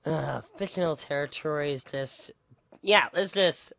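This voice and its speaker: A man's voice: a little high, unhurried, gravelly, a bit bright, dry recording. Heated, stammering young-sounding male ranter. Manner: heated, profane, stammering restarts. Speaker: vlogger. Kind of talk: angry rant monologue.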